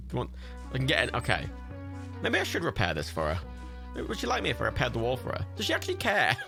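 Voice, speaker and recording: Gravelly, lively man streaming a game. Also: medium pitch, a little fast, pauses often, music in the background. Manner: sweary, excitable running commentary. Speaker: livestreamer. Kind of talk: gameplay commentary.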